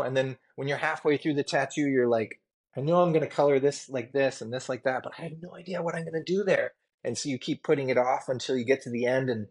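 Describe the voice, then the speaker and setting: A husky, medium-pitched man, a tattoo artist appearing as a guest, tells candid stories in an interview. He rambles earnestly and emotionally, leaning heavily on fillers like "you know" and "like."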